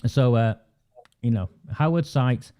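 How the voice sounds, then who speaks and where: A man with an Oldham accent, hosting an online political show over a video call, talking in an animated, indignant way with many restarts. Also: mid-range voice, takes it slowly, clean tone. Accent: Oldham, Northern English. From England. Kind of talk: conversational video call discussion.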